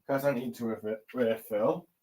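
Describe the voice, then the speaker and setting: A man's voice: mid-range voice, steady tone, moderate pace, mellow, slight background noise. A man talks through a comic chapter in a loose, rambling recap, leaning on ums and restarting his sentences often. He sounds a little tired as he goes. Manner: rambling, lots of ums and self-corrections. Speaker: chapter reviewer. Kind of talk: casual recap and review.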